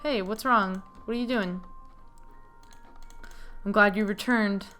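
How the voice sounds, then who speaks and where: A young woman giving casual let's play commentary, chatty and excitable, reading game lines aloud. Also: medium pitch, takes it slowly, faint music behind. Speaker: gaming video host.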